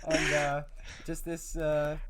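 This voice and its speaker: A man hosting a podcast, chatting casually and telling a story with relaxed enthusiasm. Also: fairly high pitch, takes it slowly, over a noisy crowd. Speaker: podcast host. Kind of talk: casual chat.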